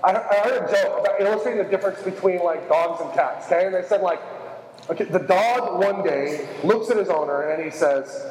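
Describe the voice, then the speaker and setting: High-voiced man preaching in an echoing hall. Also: a little fast, darkish tone. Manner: earnest, emphatic repetition, self-deprecating asides. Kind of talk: sermon. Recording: reverberant hall.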